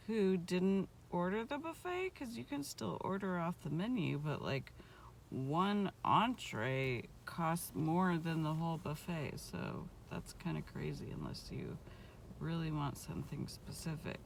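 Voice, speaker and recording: A woman's voice: mid-range voice, expressive, a little slow, creaky, a little hiss or hum, rough recording. A middle-aged woman vlogging a casual food review in a restaurant, chatty and rambling with lots of fillers.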